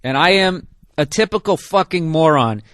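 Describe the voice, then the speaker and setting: A man with a somewhat high voice rants in a rambling comedic monologue, excitable and profane, often mocking himself. He talks close to the mic in a dry, dead room. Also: moderate pace, no echo. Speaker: podcast host.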